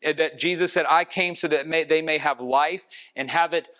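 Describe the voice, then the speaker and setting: A man with a high voice delivers a sermon with earnest conviction. He slows down and draws out the phrases he wants to land, building steadily through his points. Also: steady tone, sharp tone. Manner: earnest preaching, slowing for emphasis. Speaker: pastor.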